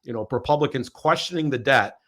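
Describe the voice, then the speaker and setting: A male podcast host delivering political commentary with heavy sarcasm. His voice sits at an ordinary middle pitch, and he leans hard on emphasis, repeating phrases as he winds himself up. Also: a little fast, a bit bright. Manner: sarcastic, emphatic, repeats words when building a point.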